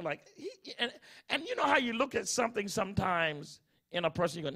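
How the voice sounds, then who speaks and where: A middle-aged male pastor preaching with a gravelly, rough-edged voice. His tone is bright and forceful and sits a little high. He drives his points home emphatically and keeps asking the congregation whether they follow. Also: expressive, brisk. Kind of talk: sermon.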